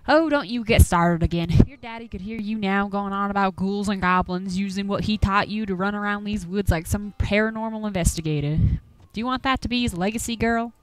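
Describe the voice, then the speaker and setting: A woman's voice: medium pitch, a little fast, clean tone, no room sound, natural voice, rough recording. A woman voicing a stubborn old rural man from the Appalachian hills, with a folksy drawl, grumbling and scolding. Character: gruff old rural man, stubborn chicken farmer and hunter.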